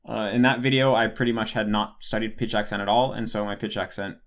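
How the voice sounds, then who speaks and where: Talking fast in a steady, slightly bright voice on the low side, a young man hosts a casual Q&A monologue for his patrons. He wanders as he talks, corrects himself often, and fills his speech with "like."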